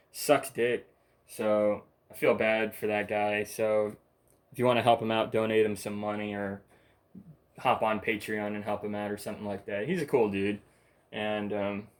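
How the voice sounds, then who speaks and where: Guy ranting solo on his channel, swears a lot, rambly and blunt, normal pitched voice. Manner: laughs between points. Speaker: channel host.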